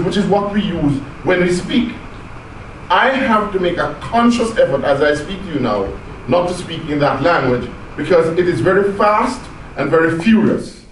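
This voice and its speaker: An animated Jamaican man speaks to a club audience in a high, lively voice, teasing them as he goes. He stands well back from the mic in an echoey meeting room. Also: far from the mic, a little hiss or hum. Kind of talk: public speech to a club audience.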